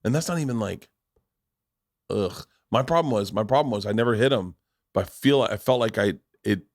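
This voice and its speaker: This forties-aged podcast host talks briskly in a fairly low voice, telling family anecdotes casually while cursing freely and animatedly acting out relatives. It's a dry, studio-quality recording.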